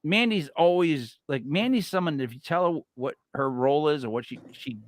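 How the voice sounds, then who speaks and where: A man's voice: a little high, expressive, a little fast, no echo. A man hosting a podcast in rambling, joking casual chat, stuffy and short of breath. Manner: rambling, joking, self-mocking. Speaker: podcast host.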